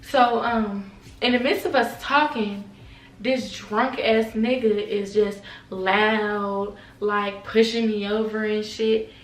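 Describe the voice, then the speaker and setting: A woman casually telling a party story to camera, animated, slangy and profane, acting out the quotes. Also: mid-range voice, takes it slowly. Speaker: storytime vlogger. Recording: echoey room, mic at a distance.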